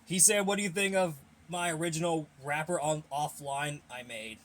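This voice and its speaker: A man's voice: on the high side, fairly even intonation, moderate pace. A young man hosting a casual Q&A, reading viewer questions and giving blunt, rambling opinions while a little out of breath. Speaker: host of a fan Q&A channel.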